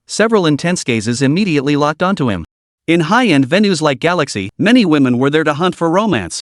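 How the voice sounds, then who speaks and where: A man narrating a story recap in a steady, even scripted delivery. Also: on the high side, no room sound, studio quality.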